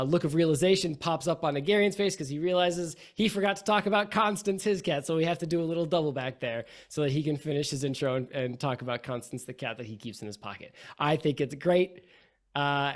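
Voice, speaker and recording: Upbeat higher-voiced man hosting. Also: brisk. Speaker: game master and host. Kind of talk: casual podcast chat.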